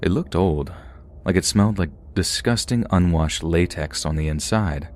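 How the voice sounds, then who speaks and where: Very deep-voiced man narrating a horror story. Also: normal speed, darkish tone, slight background noise.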